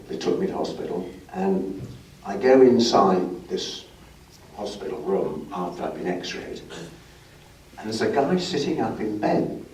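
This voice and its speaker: Older raconteur, low voice, wry and self-deprecating, distant mic in a roomy hall. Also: male voice, a little hiss or hum. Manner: lively, self-mocking, wry humor. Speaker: guest speaker. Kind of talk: anecdotal storytelling to an audience. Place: club brunch function room. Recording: echoey room, recorded from a distance.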